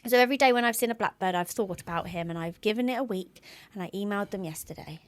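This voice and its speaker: A woman, co-hosting a podcast and telling an animated story in casual chat. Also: mid-range voice, quick pace, dry recording. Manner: animated storytelling with acted-out quotes. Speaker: podcast co-host.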